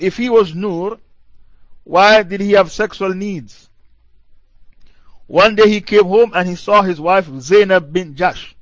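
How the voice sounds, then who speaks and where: Combative high-voiced male preacher, lo-fi. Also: a bit bright, no echo. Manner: combative, mocking, repeats points for emphasis. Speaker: Islamic preacher. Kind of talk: religious lecture. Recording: dull lo-fi dry recording.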